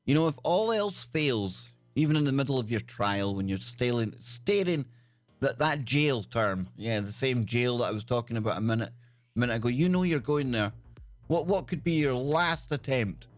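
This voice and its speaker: A man's voice: mid-range voice, expressive, moderate pace, faint music behind. A man hosting a live stream, riffing crudely and jokily on odd news stories with stammered restarts. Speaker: show host.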